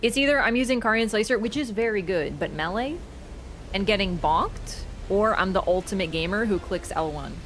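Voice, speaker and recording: A young woman streaming a video game, commenting on the action, swearing and getting loud and excitable in fights, blunt when scolding her chat. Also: medium pitch, normal speed, a little hiss or hum. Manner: excitable, swears, shrieks and laughs during fights. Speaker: gaming streamer. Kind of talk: live gameplay commentary. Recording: game music behind the voice.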